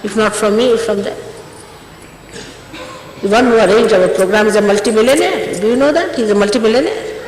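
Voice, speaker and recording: A woman's voice: medium pitch, brisk, long pauses, a little mellow. An older woman, a spiritual teacher, giving an emphatic, scolding talk to her followers before a ceremony, often repeating herself. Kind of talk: informal exhortation before a ceremony. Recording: echoey hall, faint hiss, old tape.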